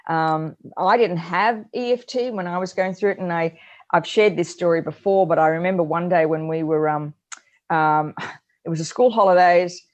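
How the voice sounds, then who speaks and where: A middle-aged woman, co-hosting a parenting advice chat and telling stories in an animated way. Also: on the low side, moderate pace, highs cut off. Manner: animated storyteller, acts out her own yelling. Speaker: co-host.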